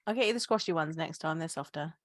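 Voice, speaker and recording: A woman's voice: low-pitched, fast talker, no echo, clean studio sound. A British woman co-hosting a podcast in casual chat, teasing and matter-of-fact. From United Kingdom. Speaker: podcast co-host.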